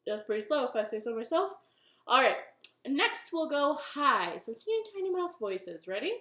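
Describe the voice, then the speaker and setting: Hosting a library storytime from her living room, a woman talks to young children in a chatty, playful way. Her voice is high and a bit bright, with big pitch swings at a normal speed. The home recording sounds roomy, with a faint ukulele in the background.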